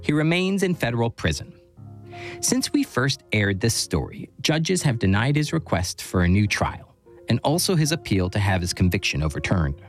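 A male reporter reading a scripted news narration in a measured way. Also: medium pitch, sing-song, soft background music.

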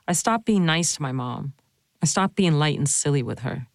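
A woman hosting and narrating a personal podcast, earnest and measured, speaking to her mother. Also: deep voice, lively intonation, no echo. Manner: earnest, emotional, measured storytelling. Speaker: host and narrator.

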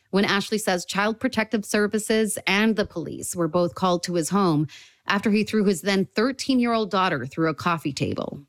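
A woman reporter narrating a news report with a measured, even delivery. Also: fairly low pitch, no echo.

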